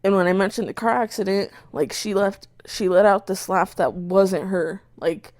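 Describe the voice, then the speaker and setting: A young woman co-hosting a podcast, telling a story in a casual, animated way, swearing often and acting out her own shouts. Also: medium pitch, moderate pace, no echo, clean studio sound. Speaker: podcast co-host.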